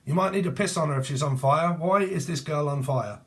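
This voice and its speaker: A man's voice: on the high side, fairly quick, hardly any pauses, a bit bright. A middle-aged British man giving a casual tarot reading, with rambling, crude talk and laughing asides. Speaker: tarot reader.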